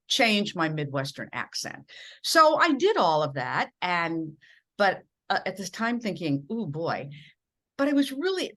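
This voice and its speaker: A middle-aged woman from Minnesota, a broadcast journalist telling animated stories as an interview guest. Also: lowish voice. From rural Minnesota. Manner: animated storyteller acting out voices in quotes. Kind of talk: storytelling in a podcast interview.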